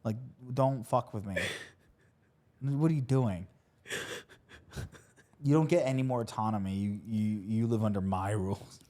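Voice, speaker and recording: A man's voice: fairly low pitch, a little slow, long pauses, dark tone. Profane, joking male podcast co-host. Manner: loose, profane, jokey banter with fillers. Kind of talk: casual podcast chat.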